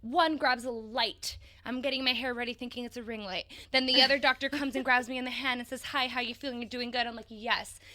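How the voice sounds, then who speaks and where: A young woman co-hosting a podcast, telling a personal story in an animated, emotional way and swearing casually. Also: on the high side, a little fast, few pauses. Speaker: podcast co-host.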